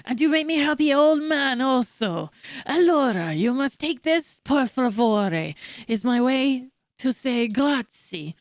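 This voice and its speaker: A woman's voice: high-pitched, lively intonation, slow, no echo, clean studio sound, pitched above the performer's own voice, heavily acted. A woman voicing a kindly, sentimental old Italian sailor in a put-on Italian accent, with broken English full of Italian words. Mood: warm grateful.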